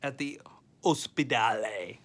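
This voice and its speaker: A man's voice: mid-range voice, slow. A man holds a phone and chats in a hospital room, teasing and laughing as he narrates a casual vlog. His voice sits in a middle range. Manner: playful, teasing, laughs often. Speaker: father filming a vlog. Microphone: phone camera he holds.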